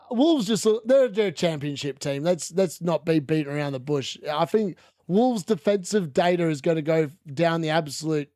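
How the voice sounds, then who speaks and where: A high-voiced man talks through a live fantasy football watchalong, chatty between plays and loud and excited at every goal. His voice sits close and dry against the mic, with no room around it. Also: dry recording. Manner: excitable, shouting at goals, chatty asides.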